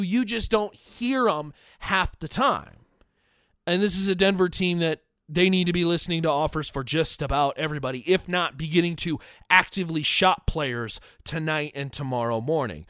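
Man, podcast host, blunt and digressive, crisp voice, dead-dry sound. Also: fairly high pitch, normal speed, a bit bright, no room sound. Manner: opinionated, digressive, repeats himself. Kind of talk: sports podcast commentary reading fan comments.

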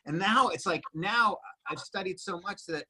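Young Boston man, breathwork guide type; bright, raspy voice; earnest, animated explainer. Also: high-pitched, normal speed, low-quality recording. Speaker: breathwork guide, former personal trainer. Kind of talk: casual conversation.

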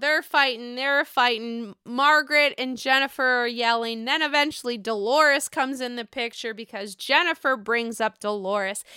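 A woman recapping a reality TV episode in casual, profane, excitable chat from home. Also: sits high, smooth, no room sound, studio quality. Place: home, dogs upstairs.

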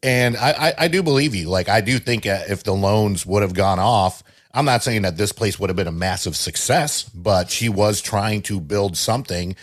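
A man's voice: fairly low pitch, normal speed, hardly any pauses, breathy edge. A man co-hosting a podcast, chatting casually in a loose, rambling way full of fillers. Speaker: podcast co-host. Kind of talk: casual chat.

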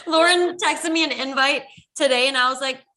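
Woman co-host, high and bright, playful teasing. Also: moderate pace. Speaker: podcast co-host. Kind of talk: casual podcast chat.

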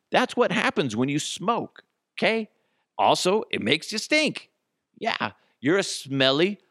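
Here a podcast host in a mid-range voice rants for laughs, cursing, being sarcastic and sometimes playing both people in an argument. The sound is dry and clean, recorded in a studio.

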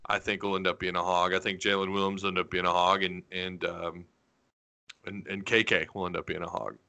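Male podcast host, Arkansas accent, very bright forceful voice, animated. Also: deep voice, a little fast, vocal fry. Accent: Arkansas, mild. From Northwest Arkansas. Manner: animated, emphatic, joking. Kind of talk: casual sports podcast chat.

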